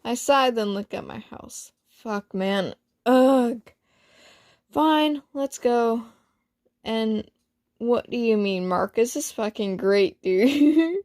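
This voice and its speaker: A woman's voice: a little high, expressive, slow, darkish tone. A woman casually reading aloud a story she wrote, swearing freely and breaking off into chatty asides and self-corrections. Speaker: amateur storyteller reading her own story.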